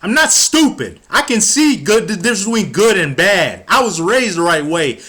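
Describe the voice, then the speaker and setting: A man's voice: sits high, sing-song, normal speed, few pauses, sharp tone. Heated, profane man ranting. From United States. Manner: stumbles and restarts when worked up. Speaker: political commentator. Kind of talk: angry political rant.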